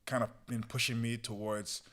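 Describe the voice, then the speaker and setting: A man's voice: mid-range voice, flat delivery, normal speed, fairly bright tone. A young man telling a personal story as a podcast guest in casual, slangy talk. He keeps saying "bro" and "yo" and acts out his own past words as he goes. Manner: relives moments through quoted self-talk.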